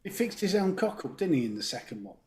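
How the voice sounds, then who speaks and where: A man co-hosting a live stream, making his points dryly and deliberately with rhetorical questions. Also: sits high, sing-song. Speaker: co-host. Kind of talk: casual live-stream banter.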